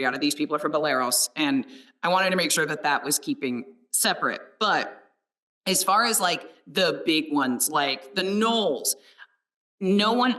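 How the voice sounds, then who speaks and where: An enthusiastic woman audiobook narrator chats casually and laughs often. Her voice sits fairly low but sounds bright. She is heard from a little distance off the microphone. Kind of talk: casual conversation.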